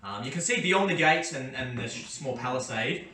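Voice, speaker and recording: A man from Australia narrates a tabletop game as game master, describing scenes in a halting, descriptive way. His voice sits mid-pitch. It sounds roomy and far from the mic, with clear noise behind. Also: expressive, bright, forceful tone. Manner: descriptive, full of fillers and restarts.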